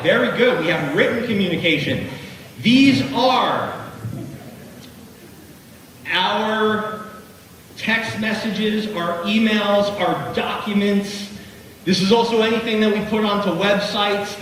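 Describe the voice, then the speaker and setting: A middle-aged man giving an animated, jokey keynote speech, talking straight to the crowd. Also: high voice, a little hiss or hum. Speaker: keynote speaker. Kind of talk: motivational keynote speech to a live audience. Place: large hall. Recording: echoey hall from far off.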